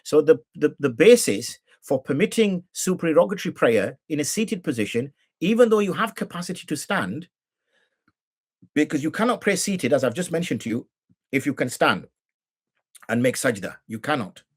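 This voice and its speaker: A man's voice: a little high, sing-song, normal speed, slightly rough. A middle-aged man with a British English accent, a mufti teaching religious law in an informal talk, full of rhetorical questions and mock dialogue.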